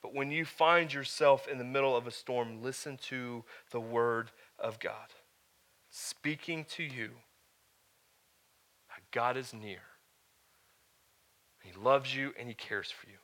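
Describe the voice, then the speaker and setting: Bright-voiced male pastor preaching. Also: mid-range voice, slow pace, pauses often. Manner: preaching with rising emphasis, then quieter, earnest teaching with check-ins. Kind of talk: sermon.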